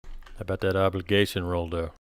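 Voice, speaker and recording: A man's voice: deep voice, little pitch movement, fairly quick, clean tone, no room sound. A man narrating as game master of a tabletop game, laid-back and full of fillers.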